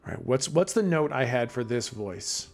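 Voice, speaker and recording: A man's voice: medium pitch, expressive, moderate pace. A man acting as game master who narrates the scene in a casual, profane style.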